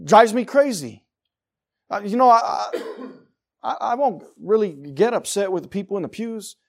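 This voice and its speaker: A man preaching from the pulpit in a fairly high voice. He drives his points hard, then drops low and quiet before building back up. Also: expressive, normal speed, creaky. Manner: emphatic preaching, swinging from loud declarations to low, quiet asides. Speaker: pastor. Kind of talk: sermon. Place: church.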